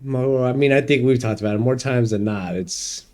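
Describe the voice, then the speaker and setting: A man's voice: mid-range voice, moderate pace, darkish tone. A man co-hosting a podcast in casual chat, laid-back and laughing, swearing freely. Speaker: podcast co-host.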